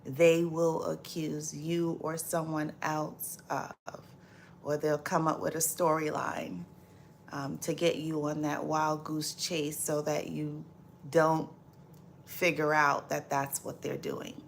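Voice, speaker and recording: A woman's voice: low voice, level tone, slow, creaky, slight background noise. A woman from South Florida hosting a live stream in a casual, chatty way, reading viewer comments aloud, repeating herself and laughing often.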